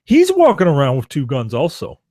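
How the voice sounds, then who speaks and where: A man's voice: a little high, huge pitch swings, fairly quick, dark tone, no room sound. A man co-hosting a podcast, trading wry jokes in a casual film discussion. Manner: wry joking asides, dry delivery. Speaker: podcast co-host.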